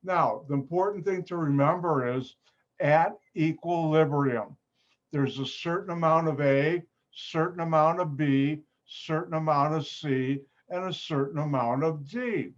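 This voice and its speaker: A man from Chicago, with the city's accent, teaches a live online chemistry class in a fairly high voice at a measured pace. He's upbeat and jokey with his students, often poking fun at himself. The audio comes through a video call and sounds muffled.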